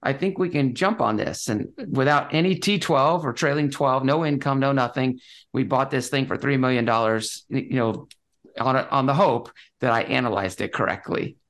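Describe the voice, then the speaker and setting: Here a male real estate investor, the guest, chats in an interview setting at a moderate pace. His voice sits at medium pitch with a fairly bright tone, and he keeps things casual and eager, restarting often and using plenty of fillers.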